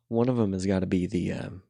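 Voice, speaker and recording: A man's voice: low-pitched, gravelly, dark tone, no echo, studio quality. A man chatting casually while drawing, retelling a cartoon episode in a laid-back, rambling way.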